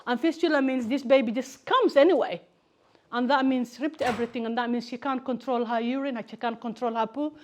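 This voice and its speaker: A woman, Somali her first language, speaking to students in a raised, higher-than-usual voice. She tells stories with animation and slips into acted voices for people she describes. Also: brisk. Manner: animated storytelling, acts out family members' voices. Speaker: campaigner giving a talk to students. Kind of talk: lively personal talk.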